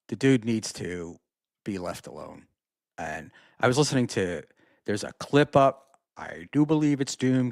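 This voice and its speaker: A man's voice: mid-range voice, dry recording, studio quality. A man hosting a casual solo livestream, reading out chat messages and reacting in a rambling, profane way with lots of fillers.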